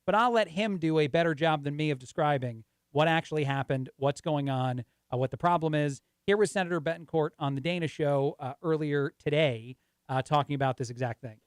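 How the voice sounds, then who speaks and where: A man's voice: fairly high pitch, fairly quick, clear, resonant tone, no room sound, studio quality. A man guest-hosting talk radio, casual and rambling, laughing easily.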